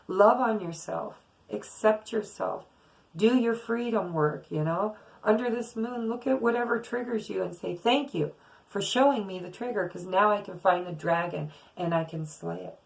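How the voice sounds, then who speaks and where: Gravelly-voiced woman giving a tarot reading. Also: mid-range voice, a little slow, low-quality recording. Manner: earnest, emphatic, repeats words, occasional swearing. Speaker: tarot reader. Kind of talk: casual spiritual reading to viewers.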